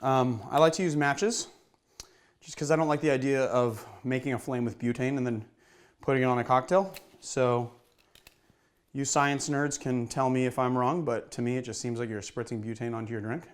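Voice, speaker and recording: A man's voice: medium pitch, steady tone, moderate pace. Chatty man demonstrating cocktails. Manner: chatty, self-deprecating, talks while mixing and shaking. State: slightly out of breath. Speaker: bartender and cocktail show host. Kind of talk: casual cocktail-making demonstration.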